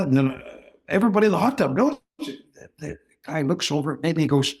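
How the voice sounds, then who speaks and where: A man in his sixties telling stories as a podcast guest, jokey and animated, acting out other people's voices as he goes. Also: a little high, fairly quick, slightly rough. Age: 60s. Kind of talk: casual storytelling.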